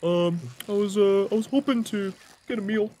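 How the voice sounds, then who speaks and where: A man's voice: high voice, moderate pace, mellow, natural voice. A man playing a laid-back, chatty T-Rex. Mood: chill. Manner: laid-back, hesitant, filler-heavy chat. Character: friendly casual talking male T-Rex.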